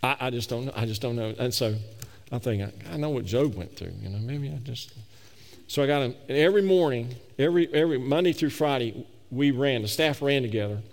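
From the pulpit, a middle-aged male pastor delivers a storytelling sermon in a folksy, animated style, repeating himself along the way. His gravelly voice is at an ordinary male pitch and moves a little fast. Long reverb from a large sanctuary trails each phrase.

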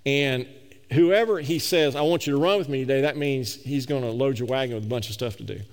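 A middle-aged male pastor tells a story from the pulpit in a folksy, animated way, repeating himself as he goes. His voice sits at an ordinary male pitch, and long reverb from a large sanctuary trails after every phrase. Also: brisk. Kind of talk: storytelling sermon.

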